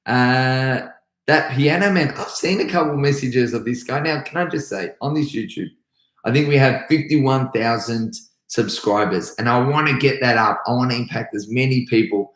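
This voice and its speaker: A man's voice: medium pitch, normal speed, fairly bright tone. Brief: Australian male karate instructor on a live Q&A, upbeat and rambling, voice echoing around a bare room. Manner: upbeat, chatty, rambling with restarts. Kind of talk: live stream Q&A, reading comments.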